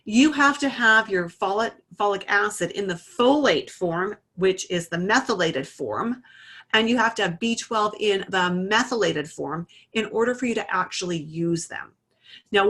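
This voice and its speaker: A woman gives an iridology lesson in an easy, conversational voice at a middle pitch. She tells a client's story and narrates a hands-on demonstration, pausing to adjust what the viewers see. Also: a bit bright. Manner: conversational, talks through a case story and adjusts a camera while speaking. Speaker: iridology teacher. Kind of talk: explanatory lesson with a live demonstration.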